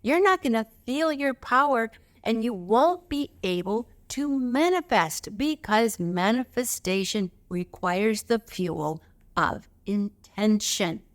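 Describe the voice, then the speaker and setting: Calm woman teaching chakra stuff, slow and emphatic, walks you thru breathing. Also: fairly high pitch. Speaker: spiritual teacher. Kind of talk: guided spiritual teaching.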